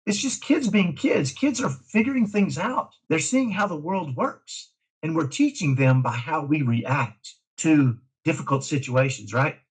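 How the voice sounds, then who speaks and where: A middle-aged man from Dallas, a parent guest talking in an emphatic, energetic way in a casual interview. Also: fairly high pitch, measured pace, husky, rough recording. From Dallas, Texas. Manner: energetic, emphatic, self-described type A.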